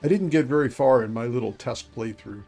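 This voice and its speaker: An older man, in his fifties, talks his way through a game in a loose, rambling stream of commentary, chuckling to himself now and then. His voice sits at an ordinary middle pitch, with soft music running underneath. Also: brisk. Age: 50s. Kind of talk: casual gameplay commentary.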